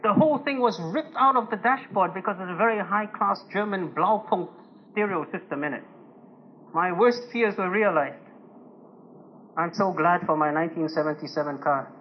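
A man preaching a conversational sermon to a congregation, telling personal stories gently and with humor, chuckling now and then. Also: high voice, moderate pace. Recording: dull lo-fi recording with faint noise.

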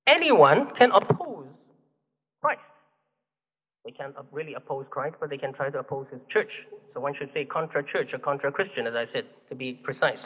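A man preaching a sermon in a measured, emphatic teaching manner, asking rhetorical questions. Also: mid-range voice, steady tone, husky. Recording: phone-like, long hall reverb.

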